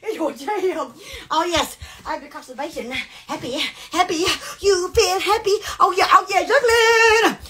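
A woman's voice: very high voice, moderate pace, bright, forceful tone. A woman with a Southern American accent, rambling on a phone live stream, giddy and exclamatory, breaking into squeals and laughter. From Alabama. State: sweating in the heat. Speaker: social media live streamer. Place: hot room at home.

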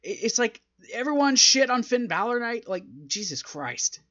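A man reviewing a wrestling show, talking casually and getting exasperated, with a rambling, animated delivery. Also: extremely high pitch, moderate pace, lo-fi sound.

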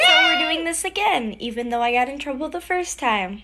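A woman's voice: high-pitched, huge pitch swings, moderate pace, heavy background noise. A young woman vlogger chatting in an upbeat, goofy way. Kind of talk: casual vlog narration. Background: background music.

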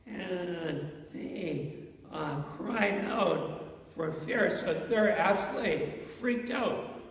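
A man's voice: sits high, takes it slowly, gravelly, fairly bright tone, distant mic. A pastor preaching an interactive sermon, asking his congregation questions and telling stories. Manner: asks the congregation questions, storytelling. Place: church sanctuary. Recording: echoey church with long reverb.

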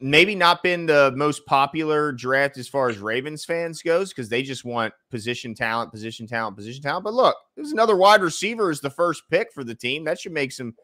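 A man's voice: a little high, lively intonation, fairly quick, hardly any pauses, sharp tone. A man hosting a casual sports talk show, rambling and reading viewer comments aloud. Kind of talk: casual sports podcast chat.

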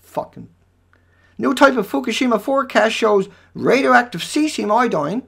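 A man delivering an angry, profanity-filled rant over news headlines, swinging between shouts and low muttering. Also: big pitch swings, normal speed, vocal fry. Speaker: video commentator.

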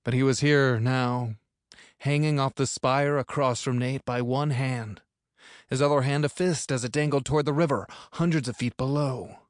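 A man's voice: medium pitch, steady tone, normal speed, no room sound, clean studio sound. A man narrating an audiobook in an upbeat, playful manner, recorded in a booth. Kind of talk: scripted narration.

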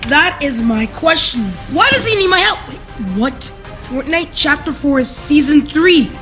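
A woman gaming YouTuber in an excited unboxing vlog, exclaiming and talking straight to her viewers. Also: high voice, a little slow, faint music behind.

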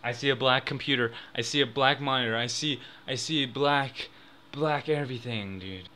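Excitable young man, bright voice. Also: mid-range voice, moderate pace. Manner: excitable, swings from mumbling to shouting. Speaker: gaming YouTuber. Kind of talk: casual gambling commentary. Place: home room. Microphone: desk microphone.

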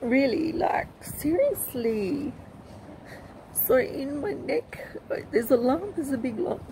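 A woman records a personal vlog outdoors, her voice set a little high. She speaks slowly, in an emotional, halting and rambling way. Clear background noise of passing aircraft runs under her voice. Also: animated, low-quality recording. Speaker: vlogger.

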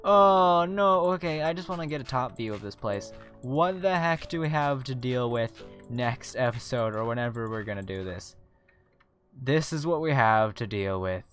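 A gaming video host chatting through a let's-play, excitable and rambling with restarts, tired. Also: mid-range voice, normal speed, faint music behind. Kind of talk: casual let's-play commentary.

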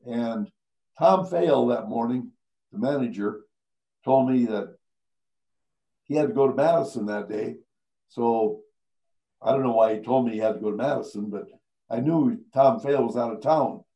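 An older man spins a radio yarn for a live crowd, and his voice has a gravelly edge. He tells it with animation and slips into the people in the story as he goes. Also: medium pitch, normal speed, long pauses, rough recording. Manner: animated, acts out the people he quotes. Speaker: retired radio announcer telling stories. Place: live event before an audience.

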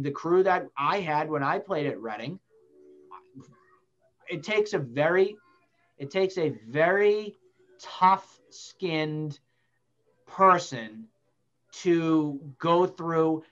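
A man's voice: on the high side, lively intonation, slow, a bit bright, highs cut off. A man hosting a sports talk show in a small public-access studio, ranting bluntly and swearing mildly. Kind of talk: casual sports debate.

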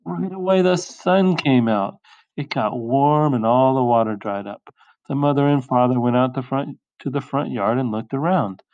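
A male teacher reading a picture book aloud in a slow, expressive storytelling voice. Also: mid-range voice, no echo, dull audio.

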